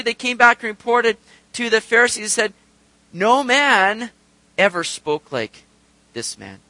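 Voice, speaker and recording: A man delivers a sermon in a high, lively voice that climbs and falls as he asks rhetorical questions and briefly acts out the people he quotes. His tone is bright and forceful. The sound is dry and close. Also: no echo, rough recording. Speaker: pastor.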